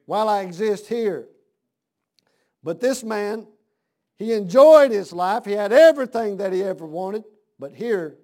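A man preaching a sermon, dropping to a hush and then rising to shouts with slow, drawn-out emphasis. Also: sits high.

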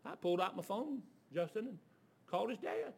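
A man's voice: high-pitched, animated, brisk, creaky, a little mellow, breathy edge. A man preaching a storytelling sermon. He talks in a folksy way, restarts his sentences often and acts out the voices of the people in his stories. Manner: folksy, with restarts and filler words.

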